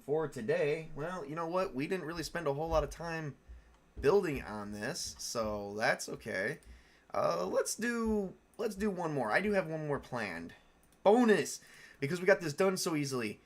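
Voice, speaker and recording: A man's voice: a little high, a bit bright. A man hosting a casual live stream, building tabletop game characters, rambling and thinking aloud with frequent chuckles and self-corrections. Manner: self-correcting, answers viewer questions.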